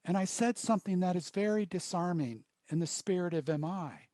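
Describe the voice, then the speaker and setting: Trainer, male, high voice, dry close sound, phrased storytelling delivery. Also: expressive, mellow, no echo. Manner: storytelling, pausing in short phrases. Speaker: workshop trainer. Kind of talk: workshop presentation.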